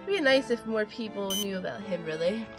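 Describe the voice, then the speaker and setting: A woman's voice: mid-range voice, expressive, fairly quick. A young woman hosting a let's play, chatting and joking as she reads game text aloud into a desk mic. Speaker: gaming channel host. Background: game music.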